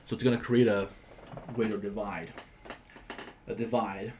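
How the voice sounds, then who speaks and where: A man's voice: on the low side, fairly even intonation, a little slow, a little mellow, a little hiss or hum. A man from the Balkans hosting a livestream, answering viewer questions in a blunt, profane, emphatic rant. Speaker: livestream host.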